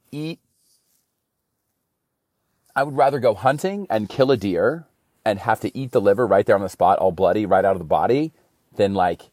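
Man, low voice, rambling casual monologue, slangy, dry studio sound. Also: a little mellow, no echo. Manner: rambling, slangy, says bro a lot.

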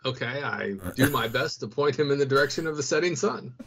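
A man's voice: medium pitch, fairly quick, a bit bright, breathy edge. A man playing a tabletop game, addressing a character politely and formally, often restarting his sentences. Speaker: player. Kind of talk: in-character tabletop role-play.

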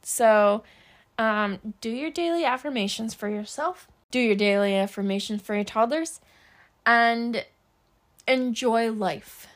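A woman's voice: fairly high pitch, a little slow. A young woman hosting a casual solo podcast, chatting upbeat about her day with a lot of fillers. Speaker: podcast host.

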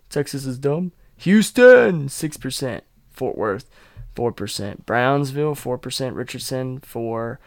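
A man's voice: medium pitch, no room sound. A young man hosting his own podcast, chatting casually, rambling, joking crudely and laughing often. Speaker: podcast host. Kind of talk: casual solo podcast chat.

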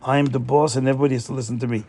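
A man's voice: medium pitch, flat delivery, racing, dark tone, natural voice. A man voicing a cruel, arrogant nobleman who gloats and gives orders in a domineering way. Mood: threatening. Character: cruel arrogant male nobleman, bossy and vengeful.

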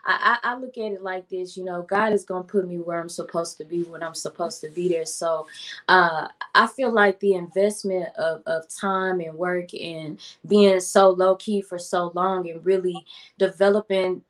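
A woman guest who writes and produces music, speaking in a low-key, reflective way with many fillers. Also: fairly even intonation, normal speed. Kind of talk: casual interview talk.

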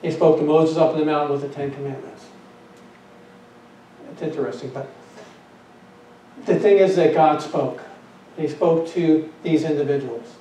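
A man preaching a sermon as pastor, asking rhetorical questions, repeating his phrases and letting lines trail off softly. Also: on the high side, steady tone, moderate pace, pauses often, very echoey, recorded from a distance, slight background noise, rough recording.

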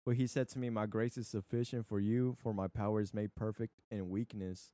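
A man reading aloud in a measured, steady way during a casual chat. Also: on the low side, no room sound.

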